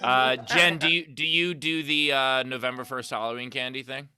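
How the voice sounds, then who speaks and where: A man's voice: medium pitch, steady tone, normal speed, bright, forceful tone, smooth, dry recording. A man hosting a comedy show over a video call, playful and joking, often laughing. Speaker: host.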